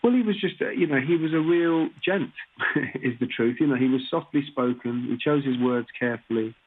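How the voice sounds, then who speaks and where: Over a tinny remote connection that sounds like a phone, a British man who is an actor chats casually as an interview guest. He talks fairly quickly in a mid-range voice with a little hiss or hum, frequently starting sentences over with "you know."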